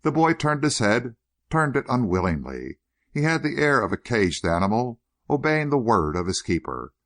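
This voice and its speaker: A man narrating a period novel as an audiobook in a measured, expressive storytelling manner. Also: medium pitch, no echo, studio quality.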